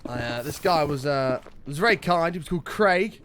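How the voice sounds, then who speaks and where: A man's voice: a little high, expressive, moderate pace, background noise. A man chatting casually to his stream audience, telling a rambling story with a lot of swearing. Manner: rambling anecdote, frequent swearing.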